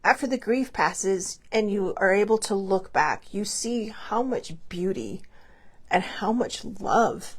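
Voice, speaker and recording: A woman's voice: medium pitch, lively intonation. Emotional woman talking about grief. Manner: emotional, rambling, halting with many restarts. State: tearful, grieving. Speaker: host. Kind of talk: casual personal talk.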